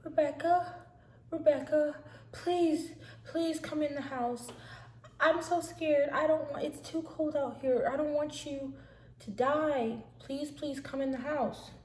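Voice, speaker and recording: A woman doing a shrill, frantic sister. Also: steady tone, takes it slowly. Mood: pleading tearfully. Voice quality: high, shrill and loud. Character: frantic, tearful adult sister, pleading then yelling. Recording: echoey room, faint hiss.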